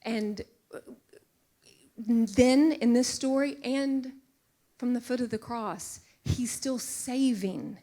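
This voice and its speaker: A middle-aged woman preaching a sermon in an earnest, emotional way, sometimes dropping to a hushed whisper for emphasis. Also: fairly high pitch, fairly even intonation, takes it slowly, pauses often.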